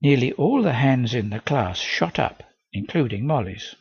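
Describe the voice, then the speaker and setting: A man reads a first-person story with a gravelly, husky voice and a lively, rising and falling delivery. The recording is dry and a bit muffled, with no room sound. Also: medium pitch, normal speed. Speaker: audiobook reader. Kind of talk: first-person novel reading.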